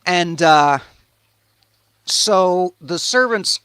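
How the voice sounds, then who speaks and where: Irreverent guy retelling bible stuff, bright voice, dry close mic, sardonic and sweary. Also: medium pitch, normal speed, no room sound. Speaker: host. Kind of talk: comedic retelling of scripture.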